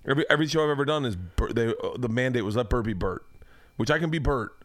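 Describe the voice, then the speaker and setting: A man hosts a casual podcast chat in a home hangout room. He tells loose stories, swears freely and often breaks into laughter. His mid-pitched voice sounds close and dry, with no room echo. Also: lively intonation, fast talker. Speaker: podcast host.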